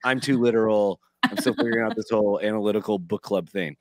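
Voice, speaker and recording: A man's voice: lowish voice, fast talker, dry recording. A man co-hosting a podcast in casual chat, with wry, self-mocking humor. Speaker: podcast co-host.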